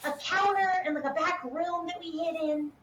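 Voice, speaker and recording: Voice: very high-pitched, moderate pace, roomy sound, recorded from a distance, a crowd in the background. A tabletop game player explaining events in a rambling, hesitant way.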